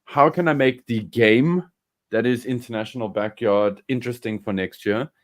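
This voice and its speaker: Guest role: mid-pitched man, musing, thinking aloud, slightly distant from his mic. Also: moderate pace. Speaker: amateur filmmaker guest. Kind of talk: livestream discussion. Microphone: video call.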